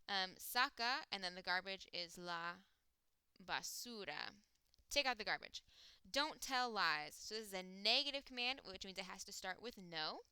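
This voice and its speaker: A woman teaching a recorded language lesson, explaining step by step with frequent fillers and slowing down to sound out words. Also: mid-range voice, animated, sharp tone, clear, resonant tone, no echo. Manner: slows down to sound out words and sings a mnemonic. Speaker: Spanish teacher. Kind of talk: recorded classroom lecture.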